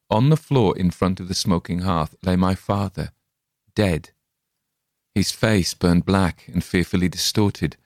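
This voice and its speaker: A man with a very low voice reads the tale aloud in a measured, grave manner. The sound is dry and close, with no room around it. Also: dry recording. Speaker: audiobook reader. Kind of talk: scripted narration.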